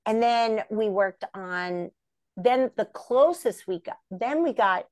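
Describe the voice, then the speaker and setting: A woman puppeteer and voice actress, a guest on a podcast, telling stories in a lively way and slipping into the voices of the people she quotes. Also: fairly high pitch, slow, no echo, clean studio sound. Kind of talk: casual interview storytelling.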